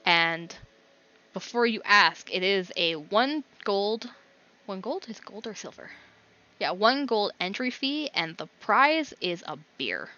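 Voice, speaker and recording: A woman's voice: medium pitch, lively intonation, a little slow, sharp tone, lo-fi sound. A woman narrating a tabletop game as game master, rambling with lots of fillers. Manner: rambling, filler-heavy description.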